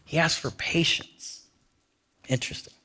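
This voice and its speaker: A man preaching a sermon in a conversational way, asking his listeners questions and dropping to a hush on key phrases. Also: measured pace. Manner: conversational, asks the audience questions. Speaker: pastor.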